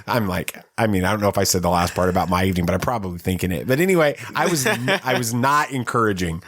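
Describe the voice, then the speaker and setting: A middle-aged man hosting a podcast, telling a story in a casual chat and acting out his own lines with lively swings of voice. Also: lowish voice, fast. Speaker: podcast host.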